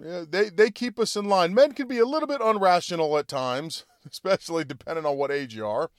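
A man delivers a loose, rambling commentary monologue, drifting into anecdotes. His voice is slightly high for a man, clear and resonant. The sound is close and dry. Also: lively intonation, fairly quick, no echo. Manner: storytelling, conversational, with asides and chuckles. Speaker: political commentary host. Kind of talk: casual monologue.

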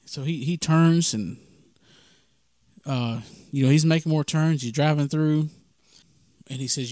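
A man from Mississippi, hosting and telling a story in a lively, casual way and acting out the dialogue. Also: on the high side, unhurried, long pauses, no echo, clean studio sound. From Mississippi, USA. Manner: animated, acts out the dialogue of his story. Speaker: podcast host.

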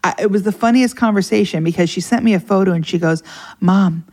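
A middle-aged woman telling a personal story in casual conversation, animated and emotional. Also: medium pitch, quick pace. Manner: animated, emotional, acts out quoted voices. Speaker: podcast guest.

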